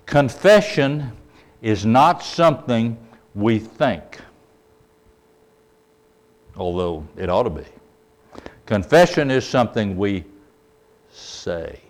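A man preaching a sermon, emphatic, often checking in with the audience and letting his voice drop soft at the ends of phrases. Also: fairly low pitch, lively intonation, takes it slowly, pauses often.

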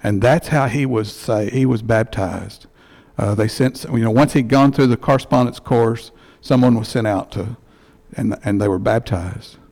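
Male church elder, sermon storytelling, heartfelt and halting, a bit of fry in the voice, headset mic. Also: mid-range voice, darkish tone.

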